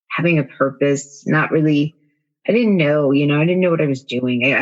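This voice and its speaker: A woman's voice: deep voice, highs cut off. A woman coach, a podcast guest, telling a personal story in a candid, self-deprecating way with many fillers. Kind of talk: casual storytelling in an interview.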